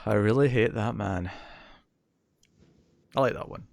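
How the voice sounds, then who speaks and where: A man's voice: lowish voice, slow, creaky, no room sound, clean studio sound. A man co-hosting a podcast in casual chat, rambling and laughing often. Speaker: podcast co-host.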